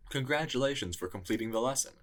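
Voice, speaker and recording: A man narrating a scripted language lesson in a measured teaching tone. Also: medium pitch, lively intonation, fairly bright tone. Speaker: tutor.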